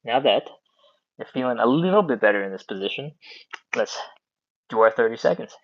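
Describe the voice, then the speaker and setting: A slightly out-of-breath man hosts a live follow-along stretching class from a phone on a stand, counting down each hold aloud. His middle-pitched voice is expressive and brisk, and he chats easily with viewers, reading out their comments. The phone audio sounds dull and lo-fi.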